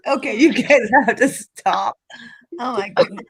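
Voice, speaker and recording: A woman's voice: fairly high pitch, unhurried, slightly rough, no echo, low-quality recording. A woman co-hosting a live stream, chatting casually, laughing often and reading out chat comments. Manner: laughs a lot, reads out chat.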